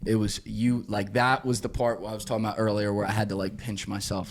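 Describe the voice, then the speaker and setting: A young man, a podcast guest, telling a long story with lots of swearing and sudden shouted quotes, acting out the people in it. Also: fairly low pitch, fairly even intonation, normal speed, gravelly, breathy edge. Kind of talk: animated storytelling in casual conversation.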